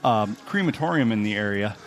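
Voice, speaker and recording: A man's voice: fairly low pitch, lively intonation, a little fast, soft background music. A man co-hosting a casual comedy podcast, telling wry, morbid stories in banter. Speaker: podcast co-host.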